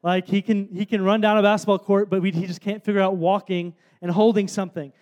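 A man's voice: high-pitched, level tone, fast talker, darkish tone, highs cut off. A man, giving a casual, storytelling sermon full of fillers and self-deprecating asides. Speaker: speaker at a worship event.

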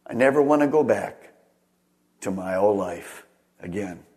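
A middle-aged pastor preaches a sermon, alternating between raised, emphatic phrases and hushed ones while asking the congregation questions directly. His voice is lowish and animated, and he speaks a little slowly.

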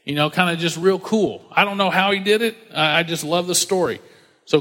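Animated male pastor in a reverberant hall. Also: sits high, fairly quick. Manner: animated storytelling, acts out quoted voices. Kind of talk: casual sermon.

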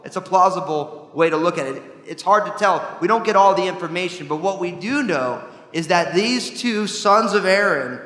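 A man in his forties preaching a sermon as pastor, in an animated, conversational way with asides. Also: high-pitched. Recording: echoey hall.

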